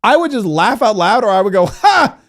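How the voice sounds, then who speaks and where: A middle-aged man hosting a podcast, telling anecdotes in casual commentary and laughing out loud as he acts out what people said. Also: sits high, lively intonation, fast talker. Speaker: podcast host.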